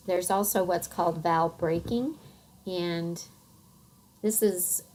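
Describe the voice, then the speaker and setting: A middle-aged woman with a Western American accent, giving a recorded phonics lecture in an unhurried, thoughtful way with many soft fillers. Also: lowish voice, low-quality recording. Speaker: teacher.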